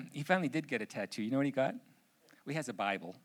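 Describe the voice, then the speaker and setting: A man's voice: medium pitch, animated, fast. A middle-aged man preaching as a pastor, telling funny family stories and acting out their voices. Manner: humorous storytelling, acts out family voices. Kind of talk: sermon.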